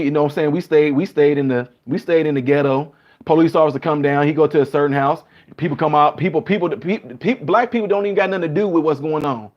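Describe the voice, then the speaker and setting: Male host, animated storyteller, dull lo-fi recording. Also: fairly high pitch. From Chicago. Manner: animated storytelling, acting out quoted people. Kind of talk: casual monologue.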